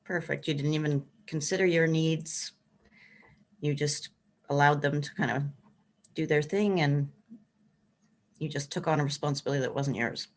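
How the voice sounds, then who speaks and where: A woman's voice: low voice, normal speed, long pauses, a little mellow. A woman therapist on a video call, encouraging and giving others praise as she speaks. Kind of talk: casual panel chat on a video call.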